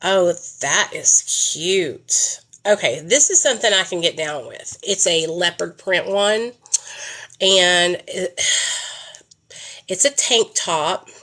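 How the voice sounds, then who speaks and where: A woman's voice: fairly low pitch, animated, slow pace, bright, forceful tone. A woman live-streaming, chatting casually and bluntly with plenty of swearing while she shops.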